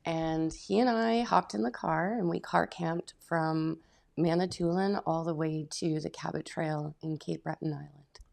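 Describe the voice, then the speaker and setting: Very low, gravelly woman guest. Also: steady tone, measured pace, darkish tone. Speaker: interview guest. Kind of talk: casual interview chat. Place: indoor arts creation center.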